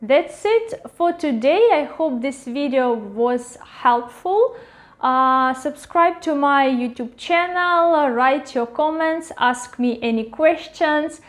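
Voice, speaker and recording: Woman teacher going really slow over pronunciation, bit high voice, says each word again and again. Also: expressive. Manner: slow, repeats each word several times. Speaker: language teacher. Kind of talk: pronunciation lesson. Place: at a whiteboard with a marker.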